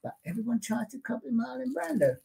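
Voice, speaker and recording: Elderly man telling lively anecdotes. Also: very high-pitched, fast talker, creaky. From London. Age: 80s. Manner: animated, repeats words, acts out quotes. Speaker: interview guest, sports artist. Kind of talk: anecdotal storytelling in an interview. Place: home studio.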